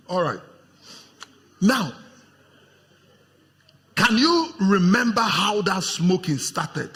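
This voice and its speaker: Nigerian pastor preaching, high bright voice, acts out little voices, big echoey church. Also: male voice, very slow, long pauses. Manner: animated, acts out voices of tempters, laughs with congregation. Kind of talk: sermon. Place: church hall with congregation. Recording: long hall reverb.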